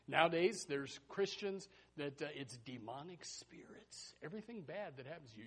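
A male preacher with a gravelly, fairly high voice delivering a sermon. His pitch swings widely as he tosses out rhetorical questions and folksy, chuckling asides. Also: expressive, a little fast, a bit bright.

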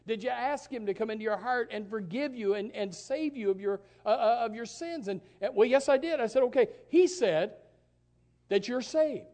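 A man preaching a sermon as pastor, with folksy asides and stammering restarts. He drops to a hushed voice when quoting God, then rises loud and emphatic. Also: high-pitched, moderate pace.

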